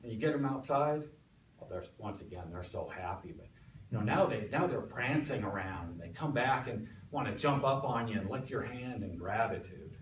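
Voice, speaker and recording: A man's voice: on the low side, lively intonation, moderate pace, a little hiss or hum. A man giving a folksy, storytelling speech to a club, recorded from a distance in a meeting room. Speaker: club speaker. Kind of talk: prepared speech. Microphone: distant room mic. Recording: echoey room from far off.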